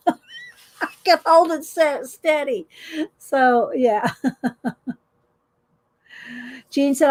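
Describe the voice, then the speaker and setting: A woman hosting a casual art journaling chat from home, reading stories aloud with expression and laughing often. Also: on the high side. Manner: chatty, warm-hearted, laughs often, reads stories with expression. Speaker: art journaling video host.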